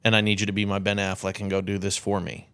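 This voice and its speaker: A man's voice: on the low side, completely flat delivery, fast talker, a bit bright, clear, resonant tone, no room sound. A man co-hosting a podcast, joking and teasing his friend in casual banter. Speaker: podcast co-host. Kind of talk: casual chat.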